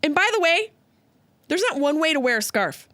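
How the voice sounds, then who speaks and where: A woman from Upstate New York hosting a solo comedy podcast, riffing with sarcastic, animated asides. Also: sits high, normal speed, no echo. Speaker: podcast host.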